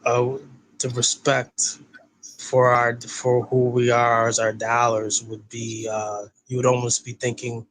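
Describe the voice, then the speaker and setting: A man's voice: mid-range voice, completely flat delivery, takes it slowly, a bit bright, poor audio. A man co-hosting a casual streamed discussion, reasoning step by step with hesitations and restarts.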